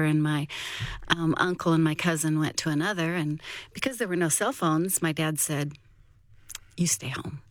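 A woman recounting a family rescue story in a halting, conversational way. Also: sits low, no echo. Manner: halting, many restarts and fillers. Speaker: interviewee telling a rescue story. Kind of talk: personal storytelling.

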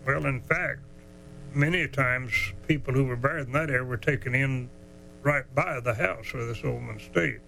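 A man telling a folksy tale, drawling and chuckling as he goes, slowing down for the dramatic parts. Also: mid-range voice, creaky, fairly bright tone, a little hiss or hum, low-quality recording. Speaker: storyteller. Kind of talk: folksy storytelling.

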